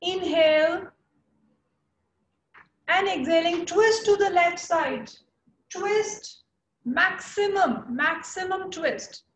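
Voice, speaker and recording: High-voiced Indian woman coaching slow yoga. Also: echoey room. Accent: Indian English. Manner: encouraging, coaching by name, slow cues. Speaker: yoga instructor. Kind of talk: live online chair yoga class.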